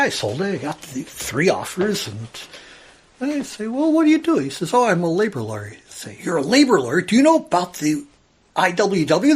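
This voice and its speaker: A man's voice: sits high, a little hiss or hum. A man in his sixties, casually telling a long personal story at home and acting out the people he quotes. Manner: animated storyteller, acts out quoted voices. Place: old house at home.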